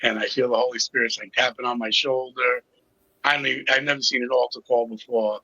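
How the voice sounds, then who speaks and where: Middle-aged man, interview guest, very bright tense tone, raspy, candid and sarcastic, lo-fi recording. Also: mid-range voice, flat delivery, quick pace, no room sound. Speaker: interview guest, recovery coach. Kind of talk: personal storytelling in conversation.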